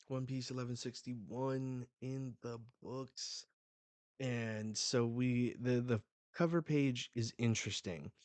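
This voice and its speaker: A man hosting a live manga reading reaction, reading panels aloud with excited outbursts. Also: medium pitch, no echo.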